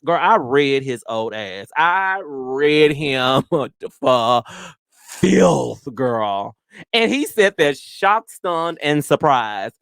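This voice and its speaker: A woman hosting a podcast, telling stories in casual chat with a profane, animated manner. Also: sits low, extremely slow, gravelly, no echo, studio quality. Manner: profane, animated storytelling with frequent "girl". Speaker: podcast host.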